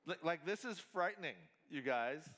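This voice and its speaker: A man preaching a sermon at a family camp, slow and emphatic, mixing scripture with casual slang. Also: on the high side, animated, a bit bright. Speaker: pastor. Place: large hall at a family camp. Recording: hall reverb.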